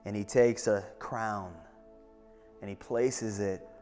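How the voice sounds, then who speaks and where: A man's voice: on the low side, fairly even intonation, takes it slowly, a little mellow. A man giving a sermon as pastor, earnest and conversational, telling stories to his congregation. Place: church sanctuary. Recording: long hall reverb, faint music behind.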